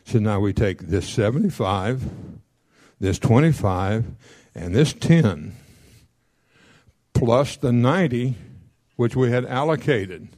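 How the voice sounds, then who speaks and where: A man teaching a class on paying off debt, folksy and joking, checking in often with his listeners and rattling off figures quickly. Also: medium pitch, animated, a little mellow. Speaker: financial counselor teaching a class. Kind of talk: classroom lecture on debt repayment.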